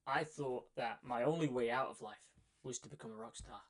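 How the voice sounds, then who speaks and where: A young man telling his own story in a casual monologue, energetic and emphatic, repeating phrases for effect and a little out of breath. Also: medium pitch, a little fast. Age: young adult. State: slightly out of breath. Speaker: vlogger.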